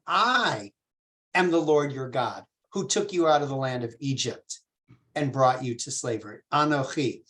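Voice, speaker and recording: A rabbi teaching a conversational Torah class, explaining patiently and asking the group questions. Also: mid-range voice. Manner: informal, with fillers and restarts. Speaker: rabbi teaching a text study.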